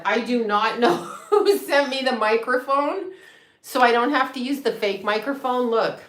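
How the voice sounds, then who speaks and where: A woman hosting a casual livestream from home, chatty and excitable, swearing freely and laughing often. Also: fairly high pitch. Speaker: psychic medium and astrologer livestream host. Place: home room with a set. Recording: echoey room with faint noise.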